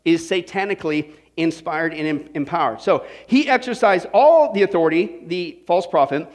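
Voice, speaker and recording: A male pastor preaching a sermon, telling a joke and then driving into scripture with lively energy. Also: on the high side, normal speed. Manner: energetic, joking storyteller preaching.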